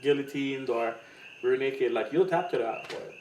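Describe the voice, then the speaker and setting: A man from Hawaii tells a story in casual chat and acts out the other people in it. His voice sits at a middle pitch and sounds a little distant, in a room with a clear echo and a faint hiss. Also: normal speed. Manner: animated storyteller, acts out quotes with loud laughing voices. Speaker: podcast co-host. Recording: echoey room, mic at a distance, faint noise.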